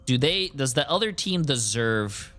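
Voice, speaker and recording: A man streaming a game in casual chat, animated and given to mock-dramatic rants. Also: mid-range voice, measured pace. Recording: noisy stream audio.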